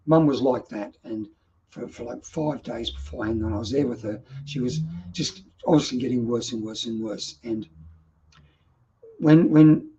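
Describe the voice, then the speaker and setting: A man's voice: mid-range voice, normal speed, dark tone, muffled recording, a little hiss or hum. A middle-aged Australian man telling personal stories as a vlog host, in an earnest, emotional and reflective way. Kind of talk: personal storytelling monologue.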